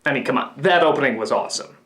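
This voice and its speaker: A man giving a comedic film review in the style of a famous critic, ranting and sarcastic, breaking into sudden high yells. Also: expressive, very fast, very noisy. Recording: echoey room with faint music.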